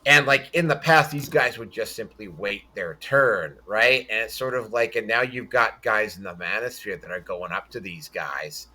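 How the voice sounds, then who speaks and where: A man holds forth in a casual podcast chat, his voice bright and forceful. He talks bluntly and curses often. His sentences ramble, with restarts and fillers. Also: on the low side, moderate pace, hardly any pauses. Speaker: podcast host.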